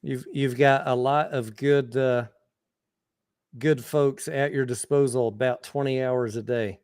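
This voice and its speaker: A man's voice: mid-range voice, steady tone, measured pace, darkish tone, smooth, dry recording, studio quality. A man hosting a casual live stream, reading chat aloud in a laid-back, joking way.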